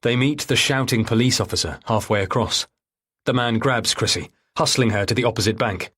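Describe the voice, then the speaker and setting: A man narrating a mystery thriller audiobook in third person with a measured, grave delivery. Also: mid-range voice, fairly bright tone, breathy edge.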